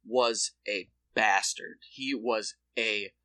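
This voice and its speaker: A man's voice: fairly low pitch, fairly even intonation, takes it slowly, bright, forceful tone, no room sound. Male podcast co-host, crude storyteller, dry close mic. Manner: rambling storyteller, swears, acts out quotes in shifting voices. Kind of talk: casual chat.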